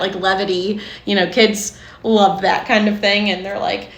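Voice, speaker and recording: Woman, young adult, therapist co-host, chatty and explanatory, medium pitch, roomy echo. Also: steady tone, moderate pace, few pauses, slight background noise. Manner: chatty, explanatory, laughs often, lots of fillers. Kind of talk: casual podcast conversation.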